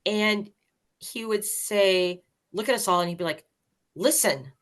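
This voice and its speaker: A woman in her fifties, a band director, explaining her teaching methods in an energetic, emphatic way as a podcast guest. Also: mid-range voice, measured pace. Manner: energetic, emphatic, acts out student voices.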